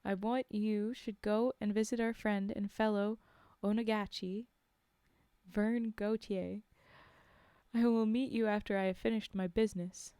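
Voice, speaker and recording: A woman reading aloud and voicing a sly man who poses as a slow, solemn, mock-formal hunting guide. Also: medium pitch, fairly even intonation, dark tone, clear, resonant tone, no room sound, lightly acted.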